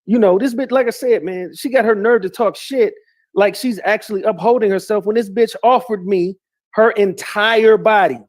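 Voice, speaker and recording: A middle-aged man with a high voice rants angrily as a YouTuber at a moderate pace. He's heated and profane, swearing constantly and hurling the same insults again and again.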